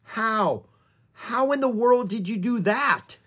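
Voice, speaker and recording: Narrator doing a woman park ranger, curious, warm, storybook reading. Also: medium pitch, expressive, takes it slowly, voice pushed up. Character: concerned adult female ranger.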